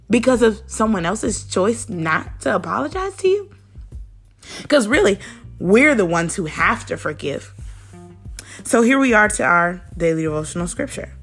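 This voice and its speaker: A woman's voice: mid-range voice, slightly rough. A woman hosting a daily devotional, teaching in an earnest, conversational way and speaking straight to the listener. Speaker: devotional host.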